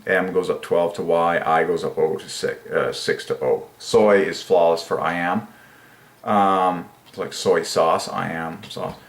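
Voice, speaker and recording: A man talks slowly to his own channel, thinking aloud with enthusiasm and turning words over again and again. His voice sits low but now and then jumps up into a sing-song tone. The room around him is echoey. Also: fairly even intonation, vocal fry. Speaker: channel host. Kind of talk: casual solo commentary on word numerology.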